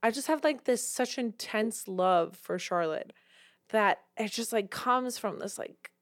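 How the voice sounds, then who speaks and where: A woman co-hosting a podcast in casual chat, giggly and animated as she tells stories, on a close mic. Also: on the high side, a little slow, no echo. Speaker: podcast co-host.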